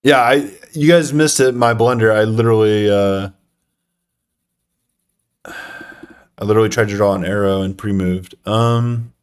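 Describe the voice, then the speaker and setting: A man's voice: lowish voice, fairly even intonation, a little slow, pauses often, clean tone. A young man live-streaming a chess game, talking to himself and chat with lots of fillers and self-deprecating groans.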